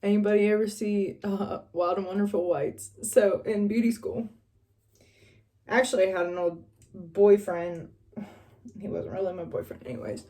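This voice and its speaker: Young West Virginia woman, loose get-ready vlog chatter, mellow voice, drifts between topics. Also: medium pitch, steady tone, normal speed. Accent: northern West Virginia. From West Virginia, USA. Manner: rambling, chatty, drifts off quietly. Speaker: vlogger. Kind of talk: casual get-ready-with-me chat.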